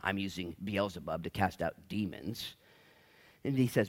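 Animated, slangy man preaching a sermon. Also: lowish voice, normal speed. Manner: animated, slangy, acts out quoted voices. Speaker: pastor. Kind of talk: casual verse-by-verse sermon. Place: church.

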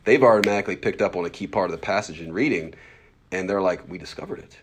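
A man in his forties, a pastor teaching a Bible class in a casual, fast-talking way, full of fillers and acted-out asides. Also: low voice, slightly rough. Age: 40s.

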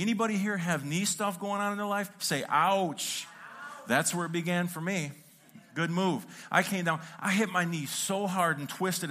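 A man's voice: on the high side, pushed and bright. A middle-aged man preaching a sermon from a church stage, telling stories with humor and acting out his own quoted lines. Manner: storytelling with acted-out quotes and humor. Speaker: pastor.

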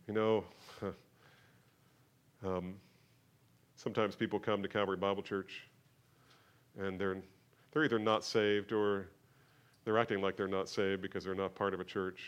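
A man preaching a sermon to his church, moving from quiet, conversational talk to loud, emphatic passages. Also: low voice, level tone, unhurried, long pauses, clean tone. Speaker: pastor. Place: church sanctuary.

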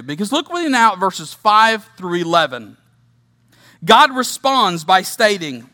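A man preaching a sermon, impassioned and emphatic with rhetorical questions, slowing down to read scripture. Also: high voice, sing-song, bright, forceful tone. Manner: reads scripture slowly and deliberately. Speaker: pastor.

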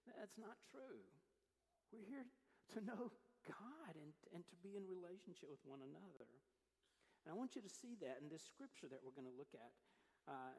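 A man preaching a sermon, telling a scripture story with animated energy and acting out the voices of the people in it. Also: mid-range voice, big-room sound, rough recording. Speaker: pastor.

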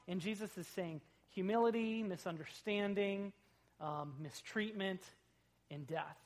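A man preaching a sermon in a church, animated, rising loud on quoted lines and dropping low between them. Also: fairly quick. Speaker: pastor. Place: church sanctuary.

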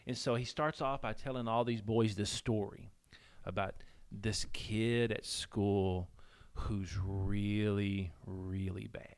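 A man hosting a podcast, telling a story in casual chat with halting restarts. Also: on the low side, fairly even intonation, clean tone. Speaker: podcast host.

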